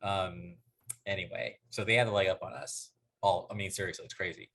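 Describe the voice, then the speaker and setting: A man with a very low voice that is still bright and forceful. There is a husky edge to it. He rambles through a casual podcast chat, swears freely and jumps in on his co-hosts. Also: steady tone. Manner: rambling, profane, quick to jump in. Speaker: podcast co-host.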